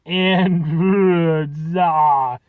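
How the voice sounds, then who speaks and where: A man's voice: fairly high pitch, fairly even intonation, very slow, dry recording, narrow, tinny audio. A man casually reviewing a drink, rambling with lots of fillers and self-deprecating asides. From United States. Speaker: food reviewer. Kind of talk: casual chat.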